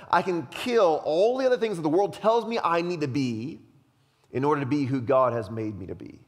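A man preaching a sermon as pastor, speaking emphatically and often dropping to a quiet, intense hush. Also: fairly high pitch, expressive, normal speed, long reverb tail.

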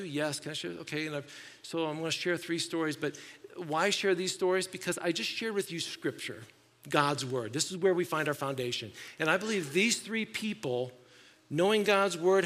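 A man's voice: on the high side, sharp tone. A middle-aged man preaching a sermon as a pastor, telling stories in a chatty way and often checking in with the congregation. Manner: conversational, storytelling with asides to the congregation. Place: church hall. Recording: reverberant church hall.

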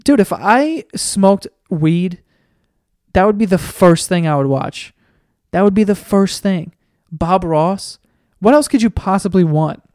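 A podcast host riffing through a profane, rambling comedic monologue with animated storytelling. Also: mid-range voice, a little slow, dry recording, clean studio sound.

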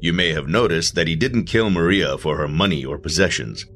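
Super deep sinister guy in a black suit from the underworld, smooth and persuasive, a man acting it, little bit of noise behind. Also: brisk. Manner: calm, persuasive, quietly gloating. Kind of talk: horror audio drama acting.

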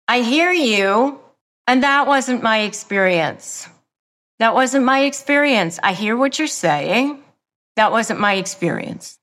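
Slow, emphatic woman giving advice. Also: mid-range voice, a bit bright. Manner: emphatic, repetitive, measured delivery. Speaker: lawyer and negotiation coach. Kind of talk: motivational advice talk.

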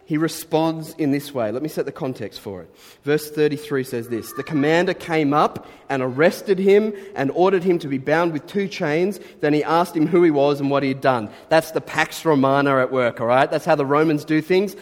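A man's voice: fairly high pitch, normal speed, few pauses, in a large hall. A man preaching a sermon as a pastor, conversational and earnest, building to emphatic bursts.

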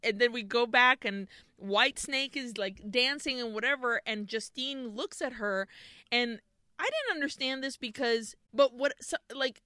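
A woman co-hosting a podcast, recapping a horror film in casual, animated chat, swearing freely and acting out the characters in quick quotes. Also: on the high side, clear, resonant tone, dry recording, clean studio sound. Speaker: podcast co-host.

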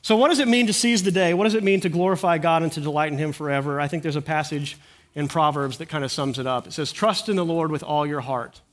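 High-voiced earnest man preaching. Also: fast talker. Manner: earnest storytelling, quoting people. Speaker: pastor. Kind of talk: sermon.

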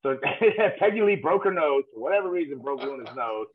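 A man's voice: mid-range voice, animated, brisk, husky. A man telling rambling, laughing stories as a guest on a talk show. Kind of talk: casual storytelling. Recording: tinny phone-like line.

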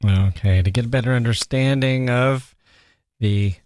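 A man hosting a podcast, giving reflective literary commentary in a musing way, with soft laughs and read-out quotes. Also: medium pitch, unhurried, dry recording. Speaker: podcast host.

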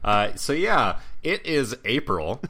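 A man's voice: mid-range voice, slow, a little hiss or hum. A man co-hosting a podcast, making dry wisecracks in casual chat. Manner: dry wisecracking, lively delivery. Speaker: podcast co-host.

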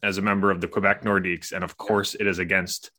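Podcast host guy, talks fast, bright lower voice, upbeat questions. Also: little pitch movement. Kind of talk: casual interview.

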